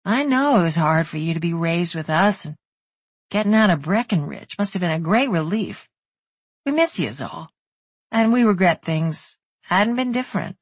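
Woman doing a gentle, reassuring older brother. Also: lowish voice, expressive, normal speed, breathy edge, dry recording. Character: warm steady older male bear-shifter brother.

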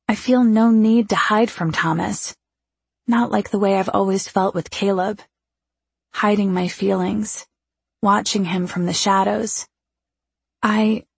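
A woman narrating a first-person romance story in a slow, intimate reading. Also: fairly low pitch, vocal fry, slightly rough, dry recording. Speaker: audiobook narrator.

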